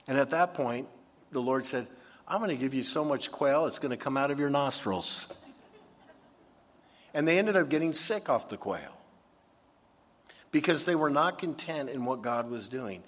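A man preaching a sermon in an animated way, sometimes acting out complaining voices. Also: medium pitch, a little slow, pauses often, in a large hall. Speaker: pastor.

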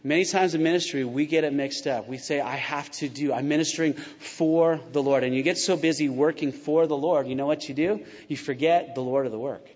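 A man's voice: on the high side, fairly quick, hardly any pauses. A pastor delivering a conversational sermon and acting out the quotes he tells, recorded in a church sanctuary. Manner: conversational and animated, acts out quotes. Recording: muffled sound with long reverb in a large hall.

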